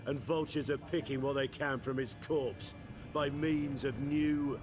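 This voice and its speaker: A man's voice: mid-range voice, fairly even intonation, unhurried, lightly acted. A scornful aristocratic knight, voiced by a man, looks down on everyone. His delivery is theatrical and contemptuous. Game music plays under the voice. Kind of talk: video game voice acting. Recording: game audio with music behind.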